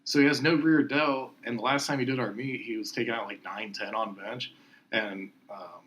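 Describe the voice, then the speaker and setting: Bright-voiced man telling gym stories. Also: medium pitch, normal speed, dull audio. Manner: laughing storyteller, animated retelling of gym stories. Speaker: podcast host. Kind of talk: casual chat.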